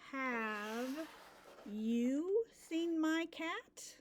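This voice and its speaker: Storybook boy looking for his cat, read by a woman teacher, slow drawn-out questions, a bit higher. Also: lively intonation, slight background noise, heavily acted. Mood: asking. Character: young boy searching for his lost cat.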